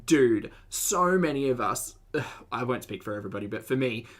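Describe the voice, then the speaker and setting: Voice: medium pitch, animated, normal speed, fairly bright tone. A host of a live reaction stream, giving sarcastic, exasperated commentary and laughing often.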